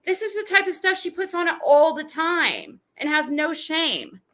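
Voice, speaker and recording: A woman's voice: very high voice, sing-song, normal speed, fairly bright tone. A woman streamer giving drama commentary on a livestream, ranting in an exasperated, indignant way.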